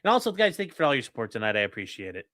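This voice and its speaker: A man's voice: medium pitch, sing-song, very fast, over loud music. A young man hosting a late-night livestream, joking crudely and reading chat messages aloud from home. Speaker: livestream host reacting to a trial.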